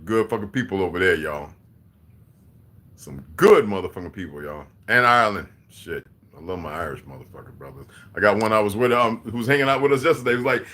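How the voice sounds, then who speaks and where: A man hosting a livestream in casual chat, reading and answering viewer comments, profane and blunt, laughing often and swinging between quiet muttering and loud heated outbursts. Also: fairly low pitch, fairly quick. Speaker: livestream host.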